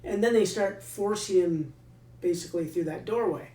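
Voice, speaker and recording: A man, an army veteran, telling a story in a relaxed, casual way with frequent fillers. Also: high-pitched, moderate pace, roomy sound, recorded from a distance. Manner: relaxed, many fillers and restarts.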